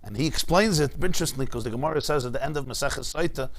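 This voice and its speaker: A man teaching a Talmud class to a congregation, animated and emphatic, with rhetorical asides. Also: medium pitch, rapid-fire. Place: synagogue class.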